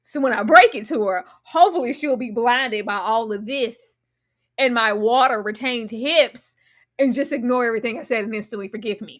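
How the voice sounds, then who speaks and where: A woman giving animated, sassy commentary recapping a reality show, often mocking the cast in put-on voices. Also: on the high side, moderate pace.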